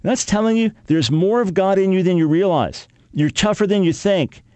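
An older man in his sixties teaching a sermon, reading Bible verses and acting out dialogue with God in an animated way. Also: sits high, moderate pace, no room sound.

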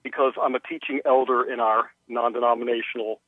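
A man's voice: medium pitch, fairly even intonation, a little fast, dry recording. Earnest male caller on a tinny phone line. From Maryland. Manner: earnest, encouraging, with frequent uhs. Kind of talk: phone call to a radio show.

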